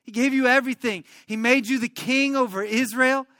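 A man voicing a stern but caring male prophet who speaks low, quiet and firm. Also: a little fast, dry recording, studio quality, lightly acted. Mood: rebuking.

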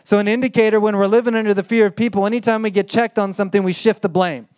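A young adult man preaching a sermon in a conversational, animated way, full of "like" and acted-out quotes. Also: rapid-fire, clear, resonant tone. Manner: animated, acts out quoted voices with sudden high bursts; conversational with frequent "like" fillers. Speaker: pastor.

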